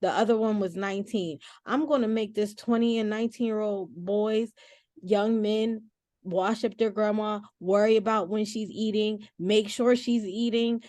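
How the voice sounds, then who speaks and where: A woman in her forties, appearing as a podcast guest, tells a family story casually and expressively, often restarting and correcting herself. Her voice is mid-range at a moderate pace, with no room sound.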